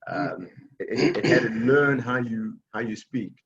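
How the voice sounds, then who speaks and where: A man's voice: medium pitch, unhurried, a bit bright, lo-fi sound. A man teaching an online class for seniors, explaining patiently in plain words with many fillers and restarts, over a video call. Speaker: technology class instructor.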